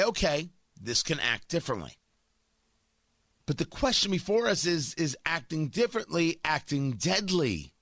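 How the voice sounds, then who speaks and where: Brash, bright-voiced talk radio host. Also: male voice, fairly high pitch, no echo, studio quality. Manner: brash, emphatic, joking asides. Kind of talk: opinionated talk radio monologue.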